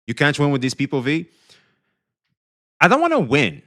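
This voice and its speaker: Animated high-voiced male streamer. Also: normal speed. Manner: animated, swings between excited and quietly emotional; swears freely, talks straight to chat. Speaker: livestreamer. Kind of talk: casual livestream chat.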